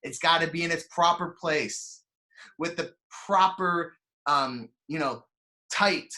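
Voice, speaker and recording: A young man giving a storytelling sermon as a rabbi, animated and chatty, acting out voices and using lots of fillers. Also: a little high, slow. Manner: animated, acts out quoted voices, frequent fillers. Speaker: rabbi giving a weekly Torah talk.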